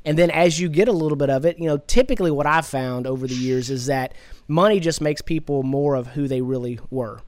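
A man's voice: on the high side, fairly quick, darkish tone, dry recording. A man hosting an interview podcast, chatty and agreeable, with lots of fillers and restarts. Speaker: podcast host.

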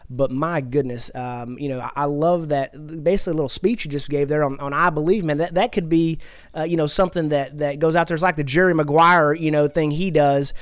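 A man's voice: on the high side, steady tone, fairly quick, no echo, studio quality. A man hosting an interview podcast, chatty and agreeable, with lots of fillers and restarts. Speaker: podcast host.

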